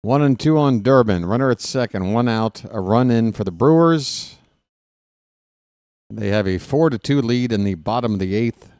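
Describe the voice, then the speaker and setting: Dude doing fan play-by-play, unhurried, jokey and rambly, voice bouncing up and down a lot, dry close sound. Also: male voice, mid-range voice, lively intonation, a little mellow, smooth, no echo. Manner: casual, rambling, jokey, snaps at the umpire. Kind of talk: live play-by-play commentary.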